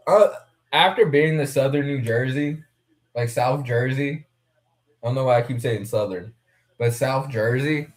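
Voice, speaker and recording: A young man from West Virginia rambling casually as a host while watching fights, swearing freely and talking to himself. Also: medium pitch.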